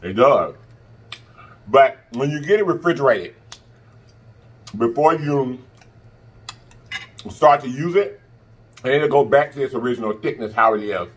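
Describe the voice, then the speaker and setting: A man's voice: medium pitch, lively intonation, measured pace, long pauses, breathy edge. A man vlogger talking casually to camera, chatty and repeating himself for emphasis. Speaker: mukbang vlogger.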